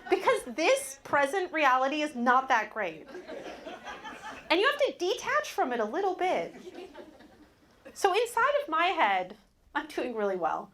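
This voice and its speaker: A woman leads a live workshop in an indoor meeting room, speaking into a handheld mic. Her voice sits high and swings widely in pitch, and her delivery is wry and joking. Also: wildly swooping pitch, unhurried, long pauses, fairly bright tone.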